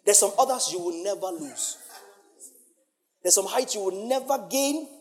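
A male preacher delivering a sermon, emphatic and playful, swinging from loud outbursts to hushed lines. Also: sits high. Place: church hall. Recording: long reverb of a large hall.

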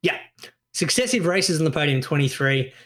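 Brief: male co-host, sweary and animated, slightly high voice. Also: normal speed. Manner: swears freely, animated storytelling. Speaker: podcast co-host. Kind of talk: casual chat.

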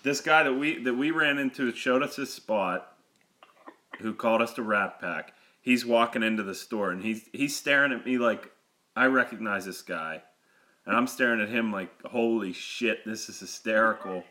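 Male podcast co-host, bright forceful tone, animated storyteller who stumbles over his words. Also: mid-range voice, moderate pace. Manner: animated, laughing, repeats words when excited. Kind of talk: casual storytelling chat.

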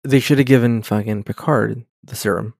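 A man's voice: fairly even intonation, moderate pace, creaky, darkish tone, no echo, studio quality. A man co-hosting a podcast in casual chat, playful and full of joking ideas. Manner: playful, pitching wild ideas, laughs while talking. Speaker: podcast co-host.

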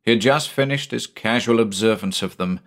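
A man reading a horror story aloud as audiobook narration, in a measured, even storytelling manner. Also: on the low side.

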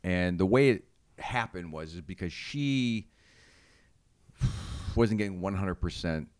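A man's voice: sits low, unhurried, no echo. A man co-hosting a podcast, a comedian talking casually and bluntly, cursing freely as he tells stories. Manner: blunt, profane, animated storyteller.

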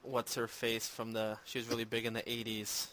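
A man's voice: medium pitch, completely flat delivery, normal speed, pushed and bright. A man hosting a casual movie and games podcast, rambling and self-deprecating with lots of fillers. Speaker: podcast host. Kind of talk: casual chat. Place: home in Minnesota.

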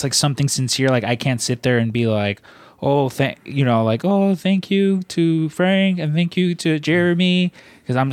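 Host type, man, mid-pitched, meandering filler-heavy chat, dry mic. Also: dry recording. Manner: rambling, many fillers and restarts. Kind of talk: casual chat.

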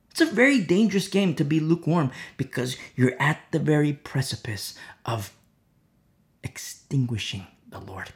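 Male preacher, impassioned sermon delivery, gravelly edge, wide swings in pitch, repeats for emphasis. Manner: impassioned, repetitive, swings between loud and hushed.

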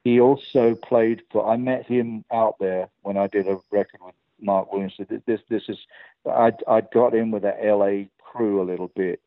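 An older Englishman appears as a guest, a record producer and guitarist, telling lively anecdotes and acting out the dialogue of the people in them, with many restarts. His voice is lowish at a normal speed, with no echo, though the audio is narrow and tinny.

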